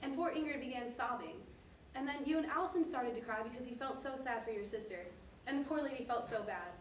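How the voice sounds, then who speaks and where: Her voice sits high and she talks fast, sounding close to everyday speech, as she plays a mother on a theater stage. In this monologue she narrates a warm, detailed family-trip story to her daughter, recorded from a distance on an echoey stage with slight background noise.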